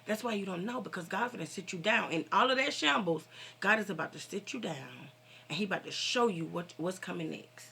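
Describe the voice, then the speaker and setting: Gravelly, bright-voiced woman vlogger venting. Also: mid-range voice, lively intonation, brisk. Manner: preachy, fervent, talks straight to viewers. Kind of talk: casual heartfelt vent to viewers.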